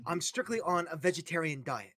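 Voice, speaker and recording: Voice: mid-range voice, lively intonation, brisk, pushed and bright, no room sound. A player voicing a boastful, pushy celebrity chef man in a tabletop game. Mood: indignant. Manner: pompous and demanding, boasting of awards.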